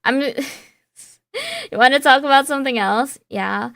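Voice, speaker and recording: A woman's voice: sits high, moderate pace, creaky, a bit bright, clean tone, no echo, clean studio sound. A young woman streaming a game, chatting playfully and reading the game's dialogue aloud with a light valley girl lilt.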